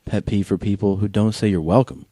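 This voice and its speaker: A man's voice: fairly low pitch, steady tone, fairly quick, warm tone, no room sound. A man co-hosting a podcast, chatting casually and ranting in an exasperated, profane way. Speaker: podcast co-host.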